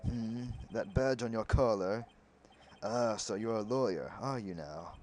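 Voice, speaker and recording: A man doing a pompous old lawyer clearing his throat. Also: on the low side, measured pace, darkish tone, slight background noise, natural voice. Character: pompous older male lawyer.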